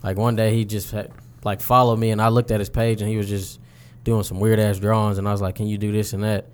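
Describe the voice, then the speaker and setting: A man's voice: fairly low pitch, level tone, fast, a little mellow, smooth. A man, a rapper, talking about his music in a loose, slangy interview chat. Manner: laid-back, slangy, loose storytelling. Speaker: rapper guest.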